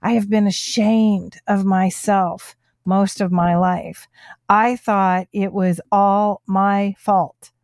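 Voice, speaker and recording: A woman's voice: mid-range voice, steady tone, takes it slowly, darkish tone, no echo, clean studio sound. A woman hosting a heartfelt casual conversation, speaking in a soothing, affirming way.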